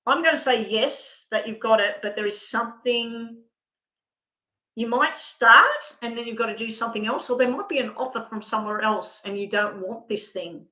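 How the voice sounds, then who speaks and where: A woman's voice: on the high side, normal speed, pushed and bright, echoey room, poor audio. A woman giving a live tarot card reading, talking in a chatty, rambling way and breaking off mid-thought. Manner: chatty, rambling, self-interrupting. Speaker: tarot reader.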